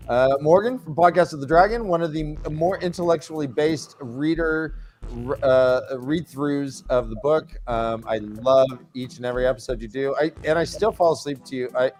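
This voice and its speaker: A man hosting a casual talk show, rambling and stammering with frequent restarts. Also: on the high side. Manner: rambling, stammering, lively and laughing. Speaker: host. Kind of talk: casual video-call chat.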